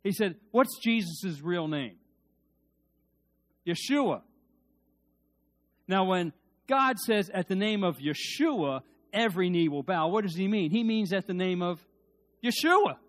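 A man preaching a sermon in a conversational way, swinging from quiet asides to loud, emphatic peaks, with restarts and repeated words. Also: high voice, lively intonation, normal speed.

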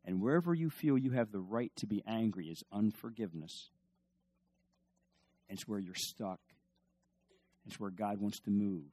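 A man preaching a sermon as pastor, telling stories and asking the congregation questions, moving between soft, quiet passages and loud emphatic ones. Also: lowish voice, normal speed, pauses often. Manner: storytelling, swings from hushed to emphatic, asks the audience questions.

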